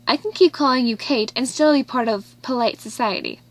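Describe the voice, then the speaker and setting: Teasing, careless young man rider, read by a woman; amused, light, a touch high. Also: fairly quick, close to an everyday voice.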